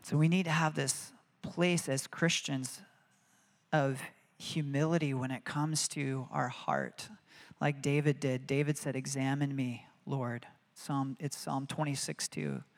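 A man delivers a sermon in an earnest, conversational way and slips into spoken prayers as he goes. His voice sits a little high for a man. A long reverb trails after each phrase. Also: animated, unhurried. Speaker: preacher.

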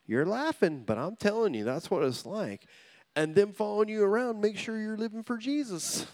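A man's voice: high voice, normal speed. A man preaching a sermon, telling funny stories and calling out to the congregation for responses. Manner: animated storytelling with call-and-response to the congregation; humorous, acts out quoted voices. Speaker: pastor.

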